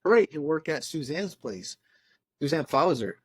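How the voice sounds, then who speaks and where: A man who works as a tattoo artist, telling animated, profane stories in a casual conversation over a remote call. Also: a little high, measured pace, slightly rough, no room sound. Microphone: remote call mic.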